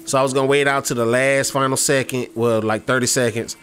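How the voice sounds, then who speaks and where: Over soft background music, a gaming YouTuber chats through his gameplay in a brisk, slightly bright, medium-pitched voice with fairly even intonation. He rambles, restarts, uses lots of fillers, and talks straight to his audience.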